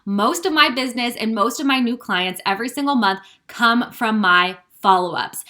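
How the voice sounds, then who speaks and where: A young woman with a bright, forceful voice, coaching her team in a direct and upbeat way. She talks a little higher than most and reads sample messages aloud to show how they should sound. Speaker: fitness coach.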